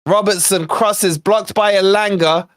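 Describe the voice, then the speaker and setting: A man with a high voice calls a football match live for a fan channel, talking straight to his chat. He swings between steady play-by-play and sudden excited shouts whenever a chance comes. His voice sounds close and dry, with no room around it. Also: a little slow, dry recording. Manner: excitable, bursts into shouts at chances then calms; chatty asides to viewers in the chat. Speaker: fan channel watch-along host. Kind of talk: live match watch-along commentary.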